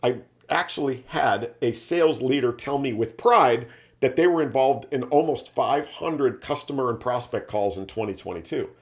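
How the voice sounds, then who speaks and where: A man with a mid-range voice and moderate pace tells a business parable as a sales leadership speaker. His storytelling is casual and chatty, sprinkled with frequent tag questions.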